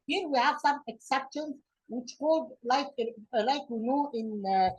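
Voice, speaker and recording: A woman teacher with an Egyptian accent, explaining English grammar from slides, pausing often with fillers and restarts. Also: sits high, a little mellow, husky, rough recording. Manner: halting, many fillers and restarts. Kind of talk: slide-based grammar lesson.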